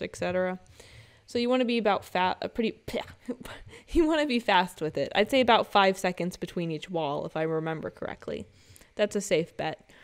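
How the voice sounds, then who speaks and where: A woman's voice: mid-range voice, clear, resonant tone. A young woman giving a casual, playful video game tutorial from home, chatty with joking asides. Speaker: gaming guide creator.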